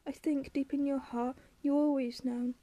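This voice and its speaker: A woman reading the part of a gravely ill mother who speaks softly and tenderly, sometimes through tears. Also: sits high, little pitch movement, moderate pace, natural voice. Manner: soft, tender, pleading. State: crying in places.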